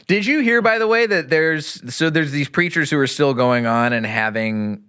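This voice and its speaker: A man from Texas hosting a casual comedy podcast, rambling and animated as he riffs on a movie, often laughing mid-sentence. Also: a little high, moderate pace, clear, resonant tone. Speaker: podcast host.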